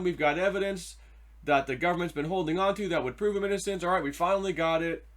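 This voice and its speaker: A man hosting his own commentary video, excitable and mocking, swinging from loud repeated outbursts to a low mutter. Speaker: host.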